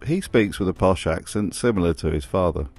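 A man's voice: sits low, a little fast, very noisy. A man giving a scripted narration with dry, wry humour. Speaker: video narrator.

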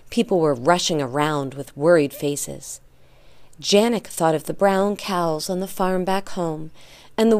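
A woman reading a children's story aloud for a lesson, slow and deliberate. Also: fairly low pitch, darkish tone. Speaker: story reader.

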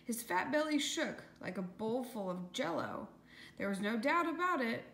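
Her voice is fairly high and fairly bright, expressive, with vocal fry and a moderate pace. She reads a scripted rhyming children's story aloud in a lilting, sing-song style, recorded with echo and faint hiss.

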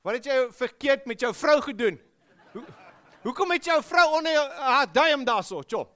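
A man's voice: very high-pitched, lively intonation, moderate pace, bright, forceful tone, voice pushed up, exaggerated voice. A man doing a rowdy Afrikaans-accented buddy. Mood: teasing. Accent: Afrikaans-accented South African. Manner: boisterous, ribbing. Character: jovial Afrikaans-speaking male buddy, teasing.

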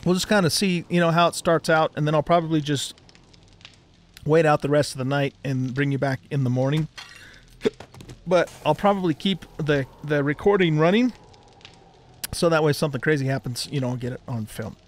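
A man's voice: on the high side, a little fast. A man hosting a gaming channel, chatting casually to his viewers while he plays, with the hiccups. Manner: easygoing, talks to viewers while playing. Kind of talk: casual gameplay commentary.

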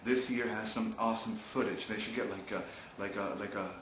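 A man's voice: lowish voice, steady tone, a little fast, fairly bright tone, roomy sound, slight background noise, poor audio. A man co-hosting a jokey mock-broadcast preview, slipping into self-pitying, whiny asides. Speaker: co-host of a video preview.

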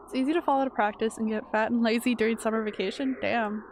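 A woman streamer reading a visual novel aloud and reacting with sudden excited exclamations. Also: a little high, fast, slight background noise. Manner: reads game text aloud, breaks into excited exclamations.

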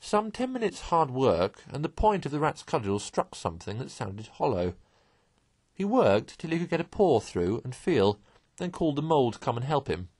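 A man reading a classic storybook aloud in an expressive way. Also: medium pitch, moderate pace, slightly rough, no room sound.

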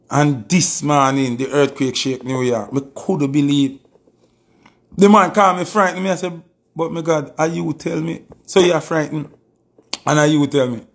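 Emphatic Jamaican man on a live stream. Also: mid-range voice. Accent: Jamaican Patois. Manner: emphatic storytelling, repeated oaths. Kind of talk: casual live-stream monologue.

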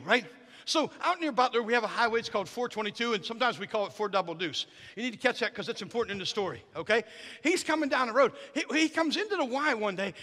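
Middle-aged guy preaching, really high bright voice, big echo off the church hall. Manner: animated storytelling that builds to fervent shouting. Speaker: guest preacher. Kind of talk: sermon. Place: church sanctuary.

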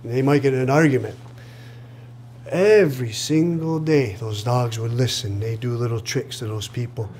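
Lively male storyteller, faint hum. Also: mid-range voice, normal speed. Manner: lively, acts out voices, chuckles at his own jokes. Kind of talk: live oral storytelling. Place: live reading event.

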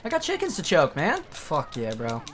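A man streaming a video game, swearing and joking at the screen as he plays. His pitch swings widely, and his voice jumps up whenever the game surprises him. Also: wildly swooping pitch, normal speed, fairly bright tone, a little hiss or hum. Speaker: let's play streamer. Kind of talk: profane gaming commentary.

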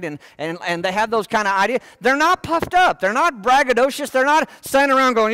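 Man preaching, very high voice, smooth and crisp, dry sound, folksy jokes. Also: expressive, a little fast, few pauses, bright, forceful tone, no room sound. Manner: folksy, joking asides. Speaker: pastor. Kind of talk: sermon. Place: church.

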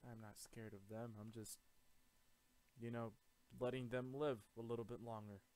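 A man's voice: medium pitch, little pitch movement, normal speed, a little mellow. A man hosting a gaming video, giving jittery Let's Play commentary, swearing a lot and insisting he is not scared.

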